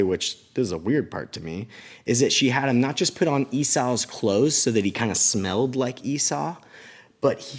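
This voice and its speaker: A man who teaches children at church, retelling a Bible story in a casual, animated way with chatty asides. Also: medium pitch.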